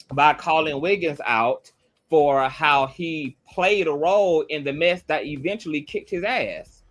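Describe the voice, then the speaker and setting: A man's voice: a little high, a bit bright. A man delivers a fired-up commentary rant in a slightly raised voice. He swears freely and repeats lines to drive each point home. The tone is blunt, direct and conversational. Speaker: online commentator. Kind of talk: heated commentary monologue.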